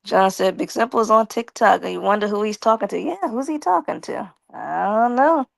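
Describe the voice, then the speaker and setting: A woman's voice: medium pitch, lively intonation, brisk, gravelly, no echo. A woman hosting a casual live stream, reading viewer comments aloud in a playful, teasing way and laughing often.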